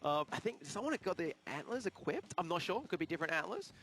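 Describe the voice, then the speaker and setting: A man's voice: a little high, very animated, fast, a bit bright, a little hiss or hum. A man with an Australian accent co-hosting a live game event stream, casual and playful, laughing often. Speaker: event co-host.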